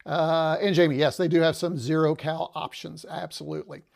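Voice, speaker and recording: Chatty man with a gravelly voice. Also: on the high side, fairly even intonation, a little fast, darkish tone. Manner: chatty, rambling, with frequent "uh" and restarts. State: a little out of breath. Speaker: livestream host. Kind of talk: casual livestream chat. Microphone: lapel mic.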